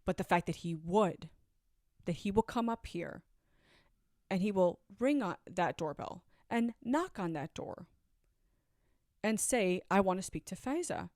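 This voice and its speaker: A woman in her forties telling her own story earnestly, swinging from loud urgency to hushed asides. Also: fairly low pitch, animated, takes it slowly, pauses often, dry recording, clean studio sound. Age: 40s. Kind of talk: confessional storytelling.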